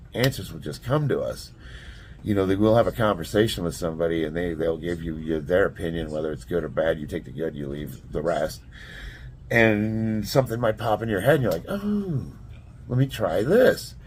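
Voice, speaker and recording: A man's voice: deep voice, fairly quick, a little hiss or hum. A man giving blunt, plainspoken life advice in a casual talk to camera.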